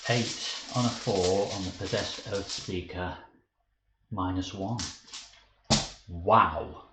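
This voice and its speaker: A man's voice: sits low, steady tone, takes it slowly. A man streaming a card game live, thinking aloud about his moves and flustered and self-mocking when he slips up. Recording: dull roomy stream audio with faint hiss.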